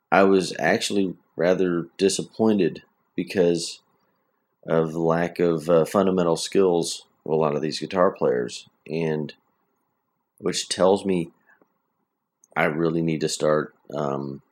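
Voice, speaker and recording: Very deep-voiced male podcast host. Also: darkish tone. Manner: chatty, plainspoken, rambling. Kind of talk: casual solo podcast talk. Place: at home.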